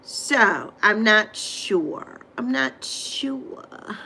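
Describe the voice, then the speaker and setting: A woman's voice: fairly high pitch, lively intonation, extremely slow, creaky, sharp tone, breathy edge. A middle-aged woman hosting a casual livestream, greeting viewers by name and repeating phrases with gushing affection. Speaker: livestream host.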